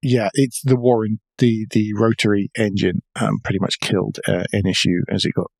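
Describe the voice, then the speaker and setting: A man's voice: fairly low pitch, level tone, normal speed, gravelly, dry recording. A man co-hosting a motoring podcast in casual chat, talking with many stops and restarts. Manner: chatty, hesitant with fillers and restarts. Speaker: podcast co-host.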